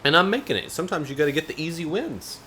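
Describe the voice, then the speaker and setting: A man co-hosting a let's play, making deadpan, mock-confident remarks in casual gaming commentary. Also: fairly high pitch, fast talker, slight background noise.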